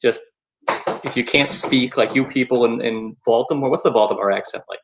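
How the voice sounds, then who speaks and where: A man's voice: mid-range voice, a little fast, creaky, noisy background. A man co-hosting a podcast, chatting casually with dry, wisecracking remarks. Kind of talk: casual chat.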